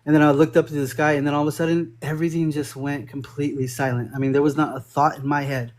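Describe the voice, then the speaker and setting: A man, a guest in a casual spiritual conversation, who tells animated stories full of "like" and slang. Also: fairly high pitch, quick pace. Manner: animated storytelling with lots of "like" and laughs.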